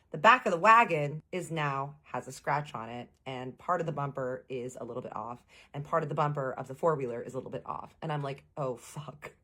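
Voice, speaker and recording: A woman with a low, husky voice tells a casual storytime straight to her viewers. She is animated and swears freely. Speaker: vlogger.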